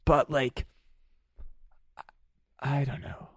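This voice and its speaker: A man's voice: mid-range voice, level tone, extremely slow, a crowd in the background. A man playing a tabletop role-play game, insistent and repetitive, stammering through restarts. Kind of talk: casual role-play chat.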